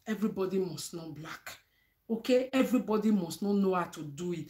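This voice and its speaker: Speaking fairly quickly in a mellow, fairly low voice with lively intonation, a Nigerian-accented woman vlogger delivers an advice monologue straight to her audience. She blends Pidgin and English, preaches with emphasis, and tosses in "eh?" to seek agreement.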